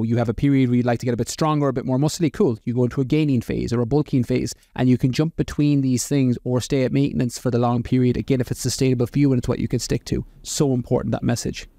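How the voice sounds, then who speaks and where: A middle-aged man hosting a podcast, a fitness coach talking in a fast, emphatic and affirming way. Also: mid-range voice, mellow, dry recording, clean studio sound. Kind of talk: casual podcast conversation.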